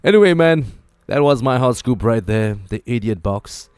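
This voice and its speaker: A man hosting a talk show, giving joking, animated commentary and repeating his phrases for emphasis. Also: mid-range voice, normal speed, smooth, no echo, studio quality. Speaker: host. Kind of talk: casual commentary monologue.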